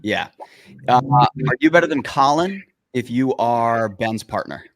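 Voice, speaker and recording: A man co-hosting a podcast in a relaxed way, reading out questions to a guest. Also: mid-range voice, unhurried. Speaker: podcast co-host. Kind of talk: casual chat.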